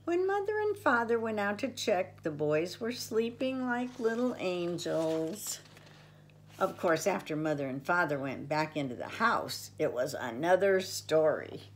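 An older woman reading a children's storybook aloud, gentle and expressive. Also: fairly low pitch, unhurried, a little hiss or hum.

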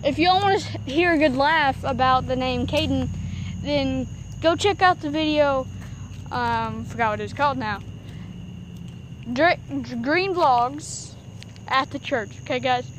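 High-voiced chatty teen girl vlogging. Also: a little slow. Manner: chatty, giggly, rambling. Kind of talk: casual vlog chat. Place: outdoors in the countryside. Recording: phone recording outdoors with background noise.

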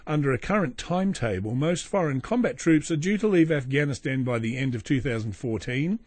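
A man's voice: medium pitch, animated, brisk, a little mellow, slightly rough, no room sound. A middle-aged Australian man with an Australian accent who hosts a podcast and reads news with rambling, self-mocking asides from a small back room. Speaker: podcast host. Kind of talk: comic news commentary.

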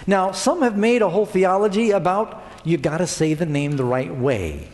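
A middle-aged man preaching from the pulpit, his fairly high voice rising and falling with lively emphasis. He keeps tossing rhetorical questions to the congregation. The sound rings out with a long reverb through the church sanctuary. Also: moderate pace. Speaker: pastor. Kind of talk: sermon.

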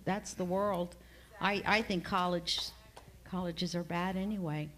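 Woman with a lowish voice, rambling testimony. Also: steady tone, fairly bright tone. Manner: rambling, halting, with many fillers and restarts. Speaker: class member giving a testimony. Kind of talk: emotional personal testimony. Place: church classroom.

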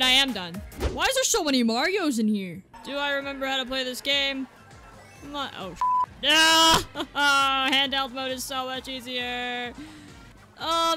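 A young woman commentates her gameplay in a high, bright voice that swings wildly up and down. She yelps, curses and laughs at her own mistakes. Faint game music plays underneath. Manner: excitable, yelps and swears, laughs at herself. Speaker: gaming video creator.

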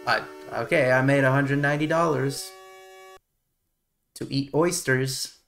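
Man, game streamer, mid-pitched voice, muttered curses, wry self-mocking asides, faint game music behind. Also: fairly even intonation, unhurried, creaky, fairly bright tone. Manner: mutters and curses to himself under stress. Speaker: streamer playing retro games. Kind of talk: live gameplay commentary.

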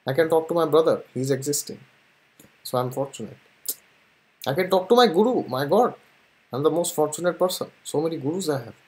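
A man's voice: on the high side, a little mellow. A man hosts a casual spiritual talk, speaking animatedly and often dropping in "yes" between his points. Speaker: spiritual and astrology channel host.

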